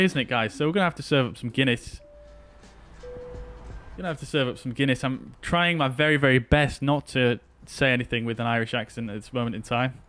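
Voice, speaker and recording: While flying in a flight simulator, a streamer chats informally with his viewers. The man's voice sits a little high, with a fairly bright, clean tone.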